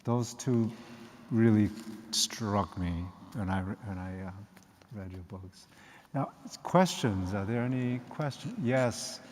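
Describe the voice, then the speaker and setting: A man moderates a discussion from the stage of a reverberant church hall. He speaks slowly and softly in a low voice. The words ring out with long reverb. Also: slight background noise.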